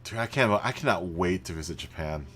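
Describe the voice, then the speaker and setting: Chatty man with a bright voice. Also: sits low, a little fast, faint music behind. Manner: relaxed and chatty, greets viewers by name, laughs often. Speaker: live stream host. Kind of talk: casual live stream chat. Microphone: studio microphone through a mixer.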